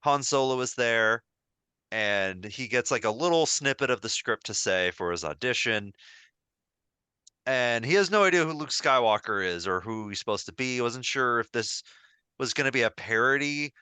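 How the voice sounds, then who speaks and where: Bright, crisp-voiced man telling stories. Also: mid-range voice, moderate pace, dry recording. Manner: relaxed storytelling with filler words. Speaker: podcast co-host. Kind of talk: casual chat.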